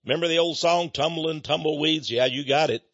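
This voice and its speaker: Emphatic older Texan man, husky voice. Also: fairly high pitch, brisk, no room sound. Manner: emphatic, folksy, rising to loud peaks. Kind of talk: folksy monologue to an audience. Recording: dull lo-fi recording.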